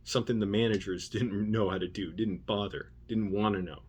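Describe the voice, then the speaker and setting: A man's voice: fairly low pitch, fairly even intonation, brisk, darkish tone, breathy edge. A man telling a story about his old job, casual, indignant and profane, with frequent trailing asides. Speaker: vlogger.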